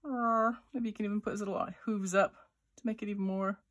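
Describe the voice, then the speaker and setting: A woman's voice: mid-range voice, steady tone, brisk. A woman author-illustrator leading a children's drawing tutorial, thinking aloud as she sketches and chatting playfully. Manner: voices little sound effects for her drawings.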